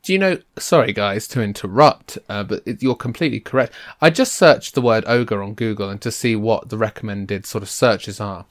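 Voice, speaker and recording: A man in casual banter with friends, animated and jokey, with sudden bursts of excitement. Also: on the low side, brisk, hardly any pauses. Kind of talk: casual chat.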